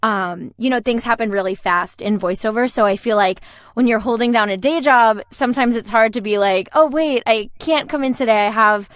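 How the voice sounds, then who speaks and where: Energetic young woman on a video call. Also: a little high, no echo. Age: 20s. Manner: energetic and fast-talking, acts out quoted lines. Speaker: guest voice actor. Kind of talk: interview answers.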